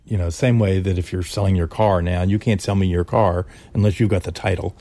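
A man's voice: low voice, fairly even intonation, a little fast, mellow, no room sound. A man speaking as a historian in an interview, explaining in a conversational way with hesitations. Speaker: historian and author. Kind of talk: interview commentary.

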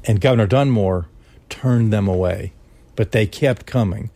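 A man's voice: fairly low pitch, a little slow, dark tone, no room sound. A man speaking as a historian in an interview, explaining in a conversational way with hesitations. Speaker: historian and author. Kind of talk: interview commentary.

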